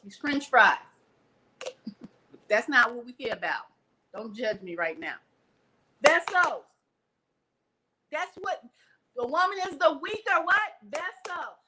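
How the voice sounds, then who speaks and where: A woman's voice: high-pitched, lively intonation, slow, long pauses, background noise. A woman vlogger talking animatedly on a livestream, preachy and theatrical, acting out little scenes with props.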